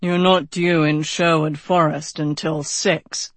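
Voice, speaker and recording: An audiobook narrator voicing a calm, blunt, world-weary knight who talks dryly and frankly, a bit lower than the narration. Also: no room sound. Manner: dry, unhurried, frank.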